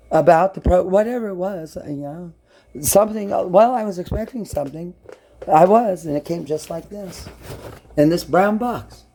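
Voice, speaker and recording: A man's voice: on the high side, mellow. A man from Brooklyn, rambling and swearing bluntly as he talks to his camera. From Brooklyn, New York. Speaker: vlogger.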